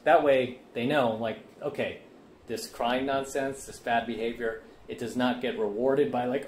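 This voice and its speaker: Man, blunt dating-coach commentary, mid-pitched, keeps tagging lines with "right?", roomy echo. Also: fairly even intonation, normal speed, darkish tone. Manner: blunt, lecturing, asks "right?" and "okay?" often. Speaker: dating coach reacting to a clip. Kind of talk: casual commentary monologue. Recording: echoey room with faint ambient noise.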